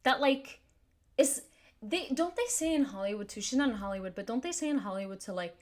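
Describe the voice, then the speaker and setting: A woman's voice: a little high, expressive, fairly quick. A woman giving casual spoken commentary to camera, earnest and thinking aloud, with frequent restarts and fillers like "like" and "you know". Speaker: commentary YouTuber.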